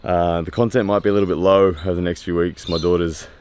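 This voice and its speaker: Deep aussie bloke vlogging after a workout, lots of ums, pretty candid. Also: male voice, steady tone, darkish tone, a little hiss or hum. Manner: candid and reflective, with many pauses and fillers. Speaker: strength training vlogger. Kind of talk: casual post-workout vlog talk. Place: training area after a workout.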